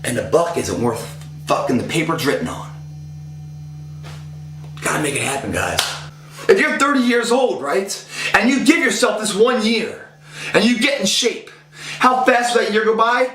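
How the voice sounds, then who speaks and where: A man's voice: sits high, animated, moderate pace, pauses often, noisy background. Intense, profane man in an echoey room. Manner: intense, profane and rambling, voice rising when fired up. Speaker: fitness motivator. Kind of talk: casual motivational talk.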